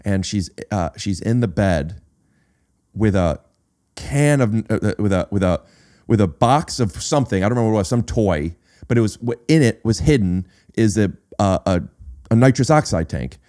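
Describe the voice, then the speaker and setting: A man's voice: on the low side, lively intonation, normal speed, a little mellow. A man hosting a podcast, telling a personal story in casual chat, often stopping to repeat words and say uh. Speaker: podcast host.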